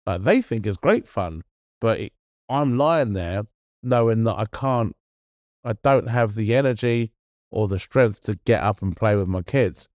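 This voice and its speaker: A middle-aged man speaks in an earnest, halting way, often restarting his sentences as he talks things through. His voice sits fairly low. The recording is dry and close, with no room sound. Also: expressive, darkish tone, no echo. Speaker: podcast co-host. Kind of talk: casual chat.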